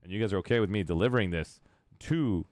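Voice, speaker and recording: A man's voice: lowish voice, fast talker, darkish tone, no echo, studio quality. A man hosting a live gaming stream, chatting casually and rambling with jokes. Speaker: streamer host.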